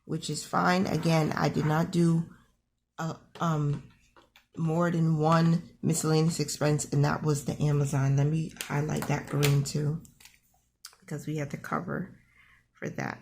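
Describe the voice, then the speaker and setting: A woman with a rough morning voice walks through her family's weekly card expenses, friendly and encouraging as she talks the numbers through aloud. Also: low-pitched, little pitch movement, measured pace, darkish tone, slight background noise. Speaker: budgeting channel host. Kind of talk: casual screen-share budget walkthrough.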